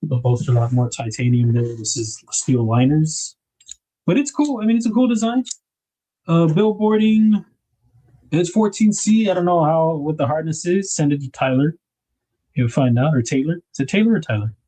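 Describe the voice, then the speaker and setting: A man's voice: on the high side, lively intonation, moderate pace, warm tone, low-quality recording. A man hosting a knife livestream, chatting casually and rambling as he unboxes gear. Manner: laid-back, rambling, thinks aloud with fillers.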